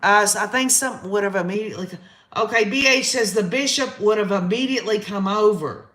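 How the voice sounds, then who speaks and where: A man's voice: high-pitched, a little fast, sharp tone, echoey room. A man hosting a live-stream trial recap, reading chat comments aloud and reacting with emotion. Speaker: host.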